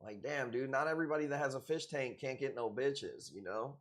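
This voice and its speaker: A man running a live stream, talking to his viewers in an easygoing, off-the-cuff way. He jokes and curses freely, and his pitch sits at an ordinary middle height for a man. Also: lively intonation, a little fast. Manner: loose, profane, joking banter with frequent laughs. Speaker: live stream host selling corals.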